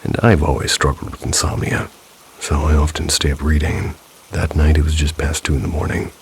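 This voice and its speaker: A male narrator with a strikingly low, gravelly voice reads eerie first-person stories. He keeps a scripted, measured delivery broken by dry, wry asides. A faint hiss of rain runs underneath. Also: flat delivery. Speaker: storyteller reading viewer stories.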